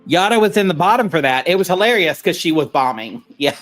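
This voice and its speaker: A man's voice: sits high, very animated, quick pace, a bit bright, soft background music. A man co-hosting a casual podcast, talking in a rambling, blunt way and swearing freely. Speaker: podcast co-host. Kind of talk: casual chat.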